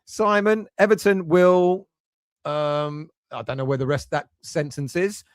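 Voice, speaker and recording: Middle-aged man, fan stream host, excitable, emotional, fairly high voice, dry close sound. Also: a little slow, clean tone, no room sound. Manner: emotional, excitable, swings between nervous and resigned. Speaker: fan channel host reading chat. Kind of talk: casual live-stream chat.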